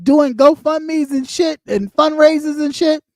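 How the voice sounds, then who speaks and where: A man's voice: very high voice, measured pace, no echo, clean studio sound. A man ranting on a livestream, mocking and heated, swearing constantly. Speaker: livestream host. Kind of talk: profane livestream rant.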